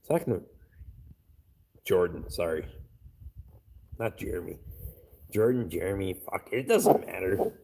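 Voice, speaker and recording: A man's voice: sits low, animated, unhurried, vocal fry, long pauses, warm tone, a little hiss or hum. A man chatting casually on a live stream, reading out chat and swearing constantly in a crude, blunt way.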